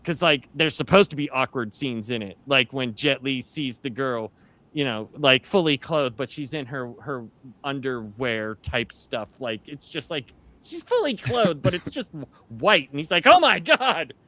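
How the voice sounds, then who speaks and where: A man on a podcast panel, excitedly retelling movie scenes in casual chat. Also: medium pitch, unhurried. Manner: excited, animated storyteller.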